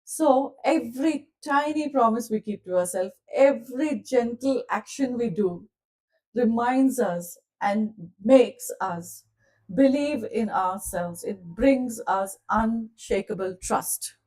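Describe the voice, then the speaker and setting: A woman leading a live online coaching session, speaking gently and calmly and asking her listeners questions directly. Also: on the high side, slow, recorded from a distance, rough recording. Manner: gentle, calm, soothing delivery. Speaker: self-development coach.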